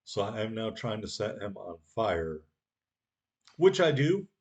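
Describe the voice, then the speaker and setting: Male game commentator at home, excitable, mock-angry at teammates, joking. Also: on the low side, unhurried. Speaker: gameplay commentator. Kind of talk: game commentary over footage.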